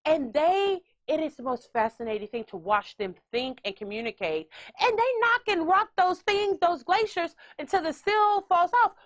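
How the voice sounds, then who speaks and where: A middle-aged woman hosting a podcast, telling a story with animated comic commentary and acting out voices. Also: extremely high pitch, moderate pace, hardly any pauses, highs cut off. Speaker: podcast host. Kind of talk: casual comedic commentary.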